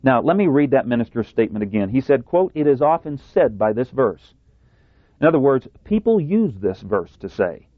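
A male preacher delivers a sermon in a deliberate, emphatic way, leaning into a word now and then with a sarcastic edge. The recording is thin and phone-like, with a dry, close sound. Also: medium pitch, big pitch swings, dry recording.

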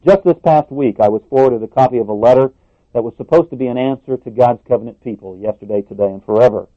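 A man's voice: mid-range voice, quick pace, no echo. Emphatic male preacher, muffled dry recording. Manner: emphatic, repeats words, rises on questions. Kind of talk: sermon.

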